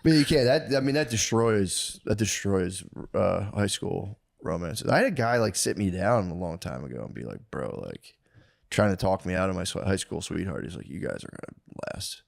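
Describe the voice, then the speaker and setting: A man's voice: sits low, lively intonation, moderate pace, creaky. A man in his thirties co-hosting a comedy podcast, telling stories in a rambling, casual way with plenty of fillers. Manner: rambling, filler-heavy storytelling. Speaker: podcast co-host.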